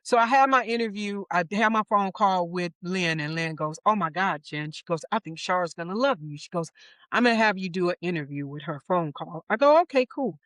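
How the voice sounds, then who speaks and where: Middle-aged woman telling lively anecdotes. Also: fairly low pitch, brisk, no room sound. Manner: lively anecdotes, acts out quoted voices; laughs easily. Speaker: interview guest, wardrobe supervisor. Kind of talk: casual storytelling interview.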